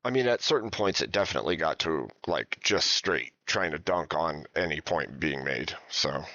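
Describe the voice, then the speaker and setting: A deep, gravelly man hosts a casual live stream chat. His pitch moves a lot as he makes laid-back remarks. The sound comes over a dull, lo-fi line. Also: animated, normal speed, sharp tone, no room sound. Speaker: show host.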